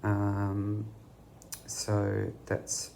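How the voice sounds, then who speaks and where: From a hospital bed, an Australian man recovering from surgery chats to a bedside camera, wandering off-track with frequent ums. He speaks in a monotone with drawn-out words, his fairly low voice gravelly and darkish. Slight background noise is present.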